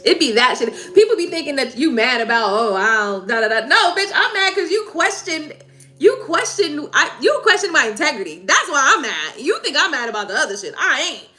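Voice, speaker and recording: A woman's voice: high-pitched, big pitch swings, a little fast, pushed and bright, soft background music. A woman hosting a live tarot stream, venting heatedly in casual talk, swearing and repeating herself.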